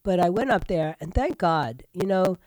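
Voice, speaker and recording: A woman's voice: on the low side, expressive, normal speed, a little mellow, dry recording. An older woman hosting a talk radio show, sick with a stuffy nose and a nasal voice, rambling in a chatty monologue full of fillers.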